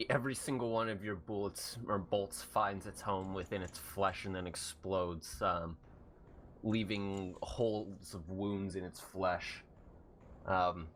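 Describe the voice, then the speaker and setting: A man narrating a tabletop role-playing game as game master, explaining dice and describing combat with many pauses and fillers. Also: deep voice, slight background noise. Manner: relaxed, halting, many fillers.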